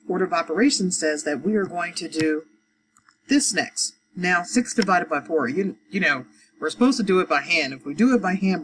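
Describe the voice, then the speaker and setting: A woman's voice: deep voice, fairly bright tone, slight background noise, poor audio. A woman teaching adult education math, talking through each step of a problem, counting aloud, with frequent fillers.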